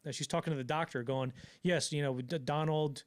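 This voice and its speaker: A man casually telling a wild story on a podcast, acting out the people in it with loud bursts and lots of fillers. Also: fairly high pitch. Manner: animated storyteller, acts out quotes with loud bursts; fast, loose, lots of fillers. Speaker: podcast co-host.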